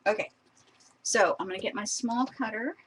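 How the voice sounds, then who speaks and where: A chatty woman talks her viewers through her craft papers in a loose, rambling way and laughs often. Her voice sits at an ordinary pitch. Faint hiss runs under the recording. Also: normal speed, fairly bright tone, low-quality recording. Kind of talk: casual live-stream craft demo.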